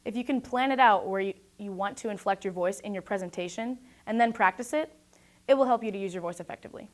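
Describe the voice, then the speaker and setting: A young woman giving a scripted talk about presentation skills, speaking in a clear, projected and deliberate way. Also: mid-range voice.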